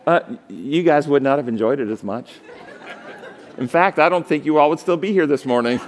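Man lecturing in a reverberant hall. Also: on the high side. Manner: emphatic, asks the audience rhetorical questions. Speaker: seminar instructor. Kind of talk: live seminar lecture on public speaking. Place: large seminar hall.

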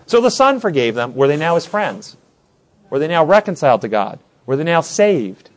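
A man's voice: on the high side, normal speed. A man teaching a Bible study class, asking many questions and acting out the scenes he describes. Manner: questioning, animated, acts out scenes.

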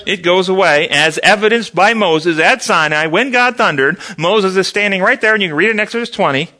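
A man's voice: high-pitched, a little fast. A man teaching an interactive Bible study, asking the class questions and answering them himself. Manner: animated, asks the class questions.

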